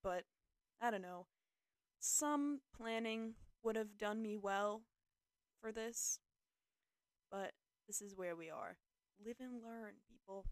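Rambling young woman podcaster, smooth voice. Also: mid-range voice, slow pace, long pauses, no room sound. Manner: rambling, self-deprecating, filler-heavy. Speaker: podcast host. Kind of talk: casual solo podcast talk.

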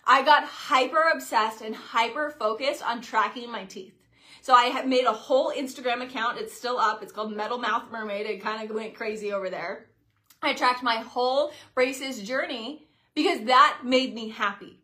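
Bright, chatty woman in her late twenties. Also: a little high, normal speed. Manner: chatty and expressive, acts out her own past reactions. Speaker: social media creator. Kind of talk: casual talking-to-camera vlog.

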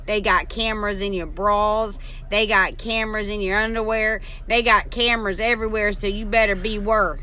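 A woman in casual podcast chat, quick with sassy teasing. Her voice sits in a middling pitch and sounds relaxed and conversational. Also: a little hiss or hum. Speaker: podcast co-host.

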